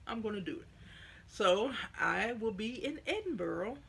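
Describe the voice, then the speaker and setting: Middle-aged Southern woman vlogger, gravelly, folksy, rambling chat to camera. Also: mid-range voice, expressive, measured pace, a bit bright, slight background noise. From United States. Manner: chatty and folksy, rambling asides.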